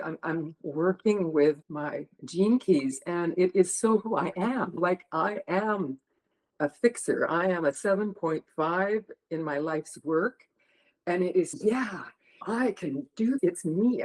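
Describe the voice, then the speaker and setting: Low-voiced woman sharing haltingly. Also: darkish tone, poor audio. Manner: halting, restarting, laughs nervously. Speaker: call participant. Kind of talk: emotional personal sharing. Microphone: video call.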